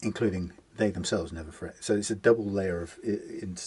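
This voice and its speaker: A man's voice: deep voice, fairly quick, darkish tone, slightly rough. A man talking casually through a guitar setup in his workshop, rambling and muttering to himself as he works. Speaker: guitar technician. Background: guitar being plucked.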